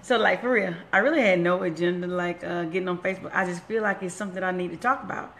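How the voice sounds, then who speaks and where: A woman with a lowish, slightly bright voice talks at a quick pace, giving a loose motivational talk over a phone live stream from her workplace. She rambles and stops to greet viewers. Faint background noise, echoey room.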